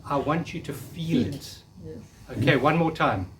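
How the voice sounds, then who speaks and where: A man's voice: fairly high pitch, unhurried, distant mic, heavy background noise. A man in his fifties giving a live spiritual workshop talk, earnestly coaxing the audience to repeat affirmations after him. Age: 50s. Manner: earnest, coaxing, leads audience call-and-response. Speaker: workshop speaker.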